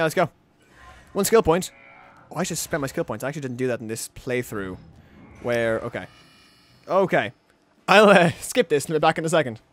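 A young man giving let's play commentary on a game, excitable and rambling, often talking sarcastically to the characters on screen. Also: medium pitch. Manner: rambling with frequent restarts. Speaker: gaming channel host.

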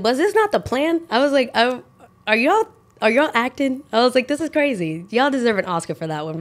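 Young woman, casual storyteller host, lively delivery that jumps up high when quoting people. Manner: animated, acts out quotes with big pitch jumps. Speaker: podcast host.

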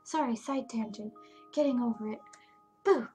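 A woman giving casual, chatty commentary over a story game, going off on animated, rambling asides. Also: a little high, normal speed, soft background music. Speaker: gaming streamer.

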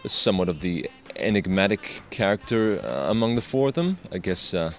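Low, hesitant-sounding male actor. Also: sing-song, normal speed, soft background music. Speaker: stage actor. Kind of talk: casual backstage interview.

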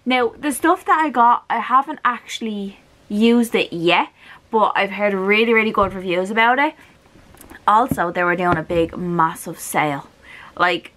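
A woman with an Irish accent vlogging an unboxing at home, rambling and gushing with excitement. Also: mid-range voice, measured pace. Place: her apartment.

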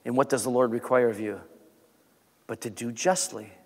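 A man, the pastor, preaching a sermon with rising emphasis and then leading a soft prayer. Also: medium pitch, fairly even intonation, normal speed. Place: church sanctuary. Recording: long church reverb.

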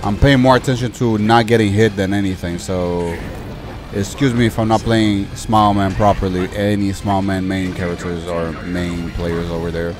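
A young man giving casual commentary over a video game he plays, chatty and quick to get annoyed. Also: sits low, fairly even intonation, music in the background. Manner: chatty, easily frustrated, swears mildly. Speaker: gaming youtuber.

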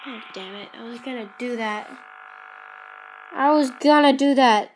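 A woman's voice: a little high, unhurried, a little hiss or hum, rough recording. A woman commenting on a game as she plays, chatting, humming and jokingly insulting the characters. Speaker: gameplay commentator. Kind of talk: let's-play commentary.

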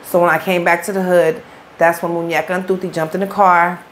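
A woman's voice: on the low side, little pitch movement, a little fast, slight background noise. A woman, an interview guest telling her own story in blunt, profane street talk.

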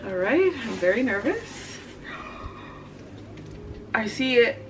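A young woman author talking casually to her camera, warm and chatty, with bursts of gushing excitement and breathy gasps. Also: a little high, slow pace, pauses often, a little hiss or hum. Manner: gushing and breathless, many gasps and nervous laughs. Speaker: author and book vlogger. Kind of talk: casual vlog talk to camera.

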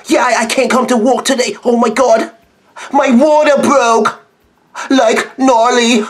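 A man voicing an airheaded worker calling in sick to the boss, slow and dramatic, in a comedy skit. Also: extremely high pitch, steady tone.

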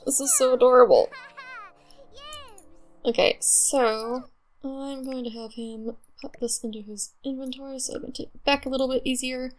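A woman's voice: high-pitched, steady tone, normal speed. A young woman chatting casually over her gameplay, bubbly and gushing, with lots of fillers. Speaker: let's play gamer.

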